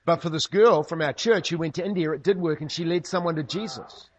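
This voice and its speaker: New pastor with a higher voice. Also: male voice, brisk, highs cut off. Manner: humorous storytelling, lively asides. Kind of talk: sermon.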